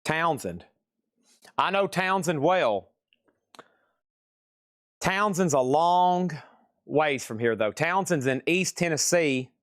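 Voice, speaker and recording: Speaking slowly with long pauses, a man with a fairly high, lively and slightly bright voice runs a live-stream record sale in a record shop. He chats casually while reading out buyer names, prices and the condition of records, and the studio-quality audio has no room sound.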